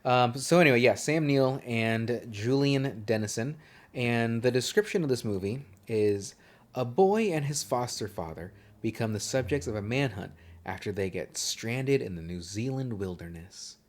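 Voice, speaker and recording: A man's voice: medium pitch, animated, normal speed. A man in his mid-thirties from Southern California co-hosts a podcast in loose, casual chat. He jokes around, swears freely and wanders off on tangents as he talks. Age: 30s. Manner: joking and profane, with tangents. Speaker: podcast co-host.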